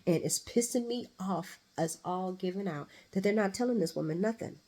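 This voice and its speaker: A woman's voice: medium pitch, normal speed, warm tone. A woman giving a blunt, casual recap of a soap opera, talking back at the characters and swearing freely.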